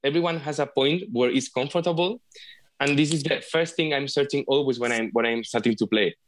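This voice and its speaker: A man from Spain with a Spanish accent, a flute player speaking as a guest over a video call in casual interview talk, halting and restarting often with repeated words. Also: mid-range voice.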